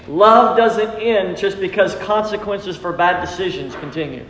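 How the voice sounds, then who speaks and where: Earnest high-voiced male pastor preaching. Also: unhurried, a bit bright, a little hiss or hum. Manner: earnest, repetitive, calls on the congregation. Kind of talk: sermon. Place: church sanctuary. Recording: roomy hall reverb.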